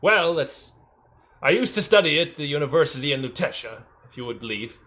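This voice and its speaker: A man's voice: a little high, lively intonation, brisk, pushed and bright. A man voicing a mild-mannered male orc academic who speaks politely. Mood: courteous.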